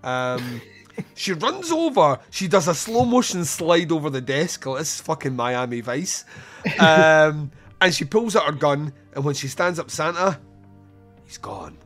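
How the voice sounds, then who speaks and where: Very animated and unhurried, this man's slightly high, fairly bright voice carries a scene-by-scene film recap on his podcast, with faint music behind. He curses casually, laughs between lines, and fills his retelling with fillers in a relaxed review chat.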